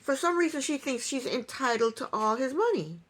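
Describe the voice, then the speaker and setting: A woman's voice: high-pitched, lively intonation, normal speed, fairly bright tone. Opinionated woman recapping reality TV. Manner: opinionated, sarcastic, chuckling asides. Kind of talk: casual TV recap commentary.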